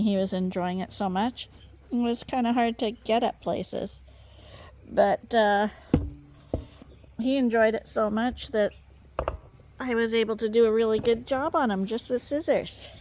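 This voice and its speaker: A woman's voice: on the high side, a little mellow. A woman sheep farmer narrating a farm vlog in her barn, cooing to her animals in baby talk.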